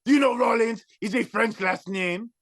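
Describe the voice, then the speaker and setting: A man voicing a brash puppet wrestler who shouts his trash talk in a comedic wrestling promo. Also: very high voice, normal speed, no echo, clean studio sound. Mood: mocking.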